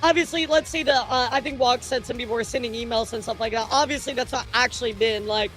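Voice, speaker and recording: High-voiced man giving casual stream commentary. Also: fairly even intonation, fast talker, fairly bright tone, faint music behind. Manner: loose, filler-heavy, blunt opinions. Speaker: streamer reacting to a video.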